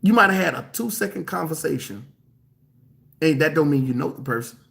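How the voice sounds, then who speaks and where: A man preaching a sermon in an emphatic, colloquial way, repeating phrases for stress and drawing some words out slowly. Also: a little high, expressive, gravelly, fairly bright tone.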